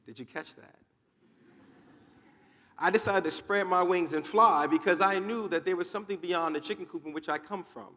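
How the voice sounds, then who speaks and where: A man's voice: sits high, moderate pace, sharp tone. A man from New Jersey giving a motivational speech, telling stories dramatically with emphatic repetition. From Newark, New Jersey, USA. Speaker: motivational speaker. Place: large conference hall. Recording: long hall reverb.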